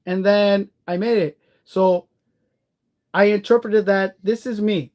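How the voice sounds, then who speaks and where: Male streamer, relaxed and rambling, talks straight to his chat. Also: high-pitched, measured pace. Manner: chatty, rambling, greets viewers by name; warm-hearted, encouraging. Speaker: live streamer. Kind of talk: casual live-stream chat.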